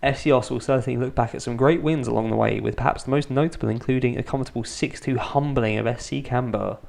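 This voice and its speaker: With a gravelly, medium-pitched voice, he talks quickly and keeps his intonation fairly level. The man, a thirties gaming YouTuber, does Let's Play commentary at home at night, staying quiet and restrained so his children sleep on. Dry, self-mocking humour runs through it.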